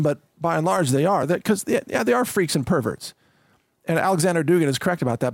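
A man's voice: fairly high pitch, vocal fry, no echo. Emphatic male commentator with a dry sound. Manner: emphatic, conversational with frequent fillers. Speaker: political commentator. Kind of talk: solo commentary reading and paraphrasing quotes.

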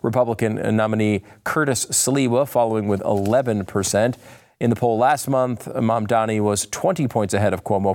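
Tired gravelly male political host. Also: on the low side. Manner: rambling, self-interrupting, animated asides. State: tired, voice a bit shot. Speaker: show host. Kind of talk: political commentary monologue.

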